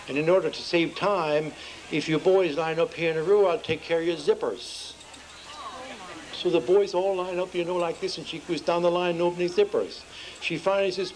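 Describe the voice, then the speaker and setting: At an outdoor festival, a man tells folksy jokes in a homespun storytelling style, acting out the characters' lines with shifting pitch. His intonation is fairly even and his pace a little fast, on a rough recording with a bit of hiss or hum.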